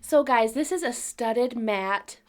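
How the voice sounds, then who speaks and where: A young woman co-hosts a podcast in a slow, fairly high voice. She chats casually, giggling a lot and tossing out swear words offhandedly.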